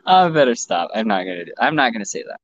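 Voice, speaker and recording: A man hosts a casual podcast and jokes bluntly and crudely with his co-host. His voice sits at an ordinary middle pitch. The recording sounds dull and lo-fi. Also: sing-song, quick pace, a little hiss or hum.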